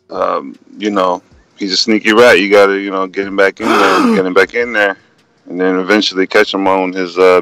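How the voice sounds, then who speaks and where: A man calling in to give his opinion, halting and full of fillers. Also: deep voice, a bit bright, rough recording. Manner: hesitant with many fillers. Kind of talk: casual call-in opinion.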